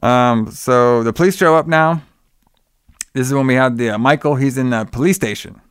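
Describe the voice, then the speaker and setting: Casual, profane man with a smooth voice. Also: medium pitch, normal speed, no echo, studio quality. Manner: loose, profane retelling with many fillers. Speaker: podcast co-host recapping a film. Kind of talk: casual chat.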